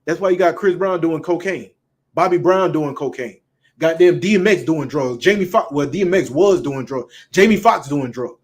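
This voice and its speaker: A man's voice: a little high, normal speed. A man with a Southern US accent preaching bluntly and emphatically, with frequent profanity. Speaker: street preacher. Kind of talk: preaching talk.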